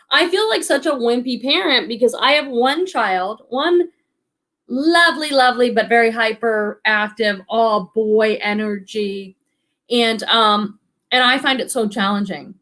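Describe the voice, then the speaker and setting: This live stream host, a thirties-aged online reseller, chats casually and reads comments from viewers. She rambles in a bubbly, high, sharp-toned voice, peppering her talk with "likes," "ums," and lots of quick laughter.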